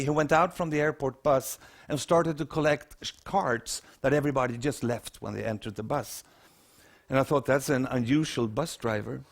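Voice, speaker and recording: Swedish man telling a story on stage. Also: on the high side. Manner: lively anecdotal storytelling with acted quotes. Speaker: keynote speaker. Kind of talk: storytelling talk to an audience.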